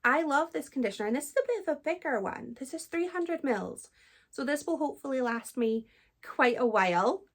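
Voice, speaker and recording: A young Scottish woman chatting casually in a book vlog, self-deprecating and quick to laugh. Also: sits high, expressive. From Scotland. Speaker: book vlogger.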